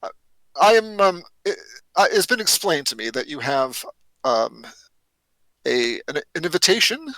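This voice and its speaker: Give me a formal, cultured young nobleman heir, as a man puts him on, with a brightish voice. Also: a little high, big pitch swings, moderate pace, no echo, heavily acted. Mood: wary.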